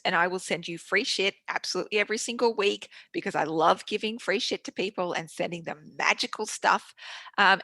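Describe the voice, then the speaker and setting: A woman's voice: medium pitch, bright, forceful tone, dry recording. A woman speaking as a guest in a casual interview. She is frank and swears freely. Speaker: podcast guest, business owner.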